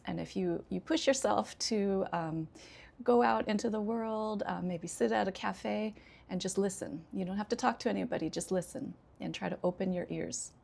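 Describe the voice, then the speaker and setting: An American woman, an ESL teacher, explaining intonation in an unhurried way with frequent pauses. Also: mid-range voice, gravelly, a little mellow. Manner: unhurried, many 'um' pauses, demonstrates intonation examples. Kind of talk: casual instructional talk.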